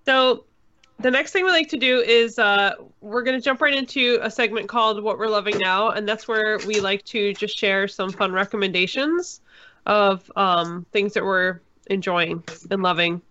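A woman hosts a casual podcast, her tone bright and clear. She poses questions in a friendly way and laughs easily. The sound is dull and lo-fi. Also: medium pitch, moderate pace, slight background noise. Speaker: podcast host.

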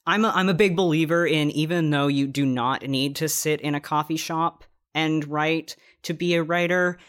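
A young adult novelist chatting casually on a podcast, candid and quick to laugh at their own stories. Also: medium pitch, fairly even intonation, fairly bright tone. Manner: candid, laughing, tells stories with self-mocking asides.

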